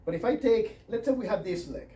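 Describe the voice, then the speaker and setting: A man's voice: high-pitched, animated, brisk, highs cut off. A man teaching a guitar workshop, talking in a rambling, conversational way with many fillers. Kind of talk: workshop lesson with playing demonstrations. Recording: distant mic with faint noise.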